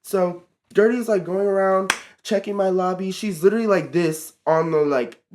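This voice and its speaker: Brief: teen vlogger, casual storytime, filler-heavy, profane, mid-range pitch. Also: moderate pace, a little hiss or hum. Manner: rambling, full of fillers and swearing.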